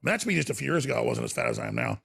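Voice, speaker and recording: A man hosting a talk show, rambling and sardonic, with a raspy voice. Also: medium pitch, wildly swooping pitch, very fast, fairly bright tone.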